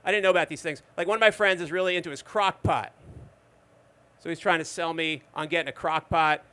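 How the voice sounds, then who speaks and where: A man's voice: fairly high pitch, brisk, sharp tone, clean tone. A man of fifty performing a stand-up set at a bar open mic, telling conversational stories with dry asides to the audience. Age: 50s. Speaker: stand-up comedian.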